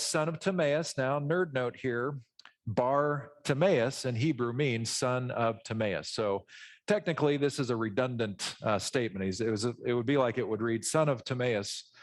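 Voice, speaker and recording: A middle-aged man preaching a conversational, animated sermon, teaching from a Bible passage and acting out voices in asides. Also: mid-range voice. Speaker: pastor.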